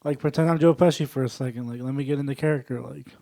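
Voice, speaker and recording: A man doing a stand-up set, working the crowd with deadpan absurd jokes. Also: medium pitch, quick pace, vocal fry, dry recording. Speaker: stand-up comedian. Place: small comedy venue.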